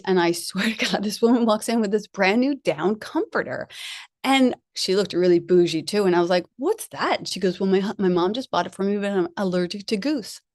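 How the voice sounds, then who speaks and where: A woman's voice: medium pitch, no echo. Middle-aged lady preaching w/ funny stories, chatty, laughs a lot, dry close sound. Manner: chatty, laughing, lively storytelling. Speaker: guest speaker. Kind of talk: spiritual talk with personal stories.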